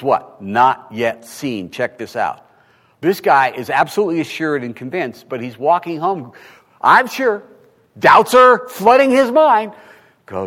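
A man preaching a sermon, animated, asking rhetorical questions and swinging from hushed tones to loud. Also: medium pitch. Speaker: pastor. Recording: long hall reverb.

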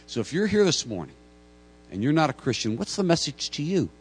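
A man's voice: fairly high pitch, sing-song, fairly quick, soft background music. A man preaching a sermon as pastor, earnest and emphatic, often stammering over repeated words as he tells a story.

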